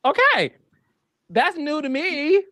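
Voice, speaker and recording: A man's voice: very high-pitched, very animated, slow, pushed and bright, no room sound, clean studio sound. A man hosting an interview, teasing and playful, with exaggerated reactions. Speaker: podcast host. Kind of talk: casual interview.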